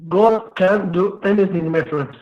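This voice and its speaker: A man's voice: high-pitched, unhurried. A man calling into a debate, defensive and repeating short phrases. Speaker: caller. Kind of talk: heated debate. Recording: dull lo-fi call line.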